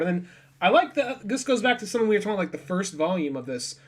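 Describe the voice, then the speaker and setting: A man's voice: sits high, sing-song, fast. A young man co-hosting a podcast, casually retelling comic scenes and quoting the dialogue. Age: young adult. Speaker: podcast co-host. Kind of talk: casual chat.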